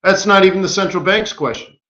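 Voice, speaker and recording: Guy running a trading webinar, bright highish voice, rhetorical, echoey room. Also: a little fast, lo-fi sound. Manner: animated, rhetorical, keeps asking "right?". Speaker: market strategist hosting a webinar. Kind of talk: live trading webinar commentary.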